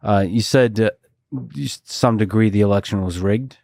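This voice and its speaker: A man hosting a podcast, asking short questions in a calm, soft-spoken way. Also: on the low side, moderate pace, no echo, studio quality. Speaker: podcast host. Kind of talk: interview questions.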